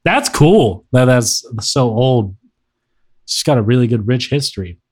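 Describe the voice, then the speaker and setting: A man co-hosting a podcast, teasing and laid-back, with quick quips in casual banter. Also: mid-range voice, lively intonation, darkish tone. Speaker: podcast co-host.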